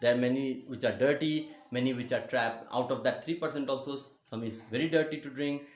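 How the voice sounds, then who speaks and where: The room is echoey as a male school teacher, mid-range in voice, slowly teaches geography. He often says "okay?" to check in, repeating words and spelling them letter by letter.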